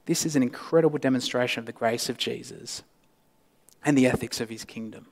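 A male pastor delivering a sermon, swinging from loud emphasis to hushed, near-whispered lines. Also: mid-range voice, fairly quick, creaky. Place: church. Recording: long reverb of a church hall.

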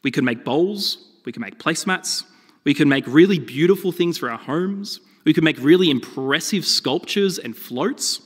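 A man's voice: on the high side, moderate pace, slightly rough. Man preaching in a reverberant hall. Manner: animated storytelling with shifting emphasis. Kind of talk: sermon.

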